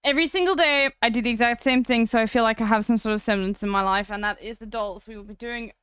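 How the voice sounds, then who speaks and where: A young South African woman with a South African accent, casually chatting to her live-stream viewers, blunt and quick to swear. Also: on the high side, fairly bright tone, smooth, no echo, clean studio sound. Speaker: livestreamer.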